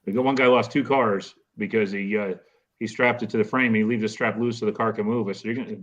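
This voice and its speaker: A man's voice: fairly low pitch, fairly even intonation, quick pace, fairly bright tone. A man from the northern United States telling stories in a casual chat. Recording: dull lo-fi mic.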